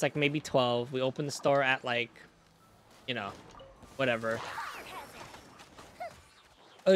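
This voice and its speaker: Brief: a streamer man, lively swinging pitch, casual and profane, keeps drifting off-topic to answer chat. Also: a little hiss or hum. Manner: rambling, profane, reacting to chat mid-story.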